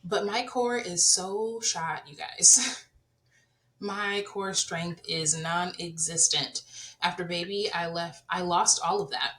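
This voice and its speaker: Bright-voiced woman, candid podcast chat. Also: fairly low pitch, slow pace, low-quality recording. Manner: earnest, confessional, addresses listeners directly. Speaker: podcast host.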